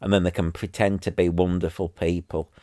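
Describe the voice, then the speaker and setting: A man's voice: sits low, level tone, fairly quick, darkish tone, no room sound. A man ranting angrily to his viewers, repeating himself and sounding exasperated. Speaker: vlogger. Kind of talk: angry rant to camera.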